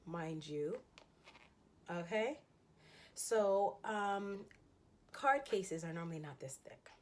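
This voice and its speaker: A woman's voice: mid-range voice, animated, takes it slowly, long pauses. A woman talking casually through a fashion haul in a chatty, enthusiastic way, with frequent ums and laughs. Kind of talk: casual haul chat showing items.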